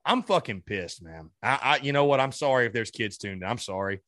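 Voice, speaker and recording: A male podcast host vents in a heated, furious rant, swearing and tripping over restarts as he jumps from sharp high outbursts down to low grumbles. His voice is very lively in pitch. The recording is close and dry, with no room sound. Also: brisk, dry recording. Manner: heated and ranting, swearing, with many stammered restarts. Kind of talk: sports fan rant.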